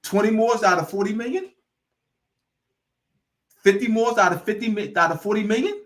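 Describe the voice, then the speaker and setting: A man lectures with mounting fervor, hammering the same phrases over and over. His voice sits high for a man, and he slips into casual dialect as he preaches. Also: normal speed, fairly bright tone. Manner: preachy and repetitive, building in fervor; informal, drops into dialect. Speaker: host. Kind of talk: impassioned lecture.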